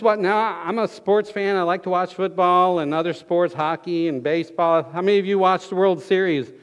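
High-voiced pastor in echoing church. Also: male voice. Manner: folksy storytelling, gets loud and excited. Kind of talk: sermon. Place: church sanctuary. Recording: long church hall reverb.

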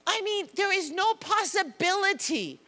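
A woman pastor preaching a sermon to a congregation, animated and self-deprecating, acting out the words of others. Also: extremely high pitch, unhurried. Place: church sanctuary with a congregation. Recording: long church reverb.

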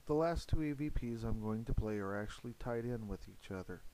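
A man narrating a paranormal investigation in an earnest, steady voice-over, with frequent fillers. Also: mid-range voice, fairly quick, a little hiss or hum, low-quality recording.

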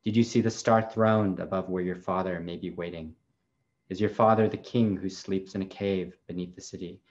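A man giving a poetry reading, delivering a long, measured, incantatory run of questions. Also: deep voice, fairly even intonation, darkish tone, highs cut off. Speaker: poet.

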